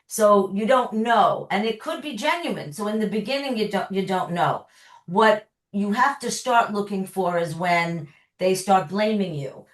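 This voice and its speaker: A woman's voice: medium pitch, expressive, unhurried. Woman therapist in an echoey room. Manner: explains with everyday examples. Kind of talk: conversational expert explanation.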